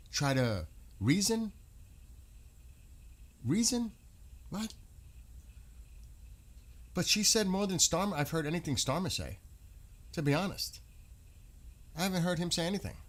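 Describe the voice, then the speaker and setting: A man's voice: on the high side, big pitch swings, normal speed, long pauses. A man giving casual live commentary on news, indignant and firing off rhetorical questions.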